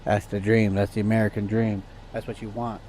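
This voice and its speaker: Low-voiced man ranting casually to chat. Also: little pitch movement, a little fast, a little mellow, slight background noise. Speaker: streamer.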